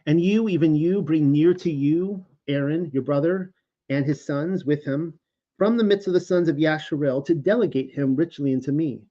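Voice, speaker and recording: Male host, casual scripture teaching, animated and rambling, slightly dull lo-fi sound. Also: a little high, moderate pace. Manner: casual, animated, stumbles over names and restarts. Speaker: Bible teacher and show host. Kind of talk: informal scripture study, reading and commenting.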